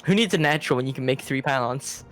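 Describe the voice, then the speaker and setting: A man's voice: mid-range voice, fast, a bit bright, soft background music. A man casting a live video game match, joking and bantering with his co-caster. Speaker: esports caster. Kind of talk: casual live game commentary.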